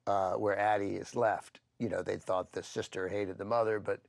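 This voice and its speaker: A man's voice: fairly low pitch, flat delivery, moderate pace, vocal fry, dry recording, clean studio sound. A man hosting a casual film discussion, chatty with many fillers as he retells scenes. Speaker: film channel host.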